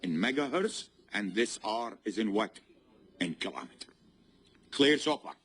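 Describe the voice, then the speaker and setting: Husky man lecturing, quizzing constantly. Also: on the low side, very animated, measured pace, a bit bright. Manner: drills students with constant fill-in questions and comprehension checks. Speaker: university professor. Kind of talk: classroom lecture. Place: lecture hall.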